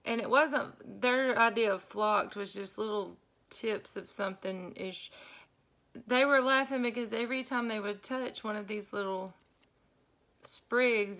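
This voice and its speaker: A middle-aged woman telling a story casually while she crafts, chatty and quick to laugh, with lots of y'all. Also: mid-range voice, fairly bright tone. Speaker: craft vlogger.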